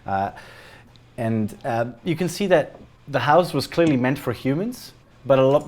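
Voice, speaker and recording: A man's voice: mid-range voice, darkish tone. A man running a tabletop game as game master, narrating in a loose way with many fillers and restarts.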